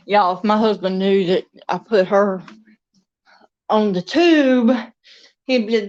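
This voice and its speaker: A woman's voice: medium pitch, takes it slowly, pauses often. A woman chatting casually with her viewers from her dining room at home, stopping now and then to talk to her pets. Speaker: crafter and video host. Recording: dull lo-fi sound.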